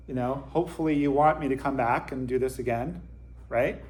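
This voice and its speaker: A man's voice: mid-range voice, normal speed, darkish tone. A man giving an informal Zen Dharma talk to his group, conversational with dry self-deprecating humor. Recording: roomy echo.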